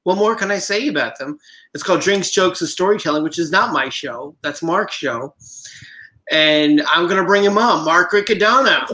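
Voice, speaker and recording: Bright-voiced self-deprecating male podcast host. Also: high voice, animated, rough recording. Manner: self-deprecating, quick jokey banter. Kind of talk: casual comedy podcast chat.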